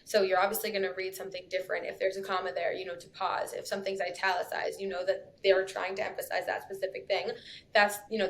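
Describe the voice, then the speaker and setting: A woman's voice: medium pitch, slight background noise. A woman, talking casually as a podcast guest, chatty and laughing often. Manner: chatty, laughs often, lots of "you know" and "like". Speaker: copywriter guest.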